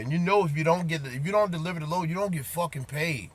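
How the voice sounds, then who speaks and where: A man's voice: a little high, very fast, fairly bright tone. A man who drives trucks, ranting bluntly and profanely to his viewers in a casual vlog, repeating his points and speaking straight to them.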